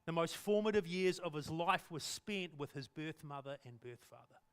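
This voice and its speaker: A man's voice: on the high side, fairly bright tone. A male pastor preaching in church, telling the story animatedly and acting out the scenes. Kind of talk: sermon.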